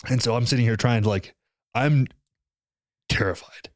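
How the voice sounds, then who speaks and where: A young man tells a story in casual conversation, his voice at an ordinary middle pitch. He talks with feeling and swears freely. The sound is dry and close, with no room echo. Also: moderate pace. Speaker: new father.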